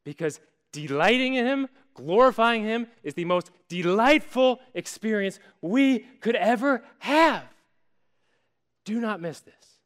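A man delivering a sermon with an animated storytelling manner, lingering on key words and pausing for effect. His voice sits a little higher than most men's. A long reverb from a large hall trails after every phrase. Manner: animated storytelling with dramatic pauses. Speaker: pastor.

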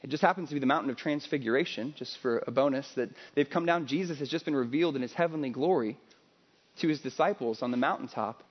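A male pastor preaching a sermon in a conversational, animated storytelling way. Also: medium pitch, fast, muffled recording.

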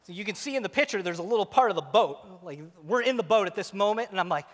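A man giving a sermon, telling an animated, self-mocking story about himself. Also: high voice, quick pace, few pauses. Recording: long hall reverb.

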